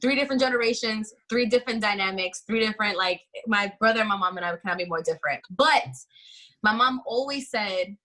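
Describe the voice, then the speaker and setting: A woman talking bluntly and briskly, with jokes, in a casual panel chat. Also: medium pitch, sharp tone, poor audio.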